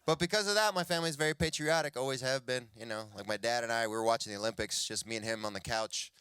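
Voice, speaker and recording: A man's voice: medium pitch, fast, a bit bright, clear, resonant tone, dry recording. A middle-aged man born in Cuba, performing a stand-up comedy set and acting out other people's voices.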